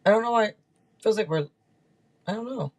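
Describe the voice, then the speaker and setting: A woman hosts a casual live tarot stream. She talks in a loose, rambling way, often restarting her sentences, and her voice sits at a middling pitch. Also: lively intonation, brisk, darkish tone. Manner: chatty and rambling, with many restarts.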